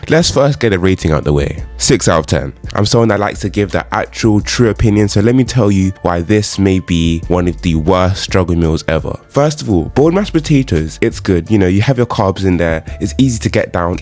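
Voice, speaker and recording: A young man talking casually and jokingly as he rates meals in a vlog. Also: low-pitched. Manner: joking, animated, slangy. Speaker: food vlogger.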